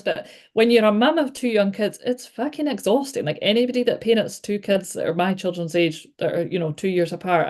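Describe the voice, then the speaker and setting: A Scottish woman in her thirties, a podcast guest, talking casually and chattily with lots of likes and you-knows. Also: medium pitch. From Scotland. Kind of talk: casual chat.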